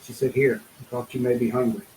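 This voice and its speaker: A middle-aged man speaking as a guest in an interview, telling a personal story in an earnest, halting way, full of fillers and restarts. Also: mid-range voice, level tone, a little mellow, reverberant, a little hiss or hum, poor audio.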